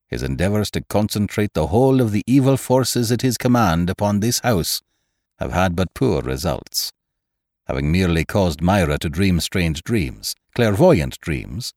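A man's voice: lowish voice, darkish tone, dry recording, clean studio sound. A man voicing a stern, grave elderly doctor in an audiobook reading. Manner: grave, deliberate. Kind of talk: audiobook character voice.

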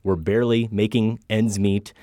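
Earnest, reflective low-voiced man. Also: little pitch movement, normal speed, mellow, no echo, clean studio sound. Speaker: podcast co-host. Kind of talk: casual film discussion.

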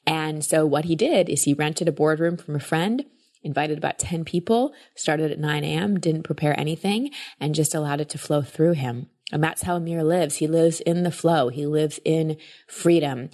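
Low-voiced enthusiastic woman podcast host. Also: moderate pace, a little mellow. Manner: enthusiastic, chatty storytelling. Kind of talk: casual podcast introduction.

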